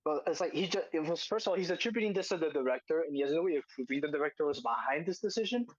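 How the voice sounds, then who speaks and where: A man's voice: on the high side, animated, rapid-fire, no room sound, lo-fi sound. Argumentative young-sounding man, dry mic. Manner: argumentative, emphatic, repeats phrases. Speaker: podcast host. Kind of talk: casual chat reacting to a video.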